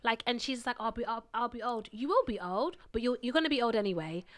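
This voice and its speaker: A woman's voice: a little high, quick pace. A woman in her thirties co-hosting a casual podcast chat, telling stories and acting out the people she quotes. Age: 30s. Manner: animated storyteller, acts out quoted voices. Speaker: podcast co-host.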